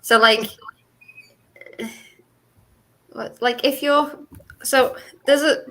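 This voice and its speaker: A woman's voice: high voice, fairly even intonation, very slow, sharp tone, rough recording. A woman with a Merseyside accent from the Wirral, chatting casually as a podcast co-host and laughing often. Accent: Merseyside English. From Wirral, England. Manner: chatty, laughs often, explains with many fillers. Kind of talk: casual chat.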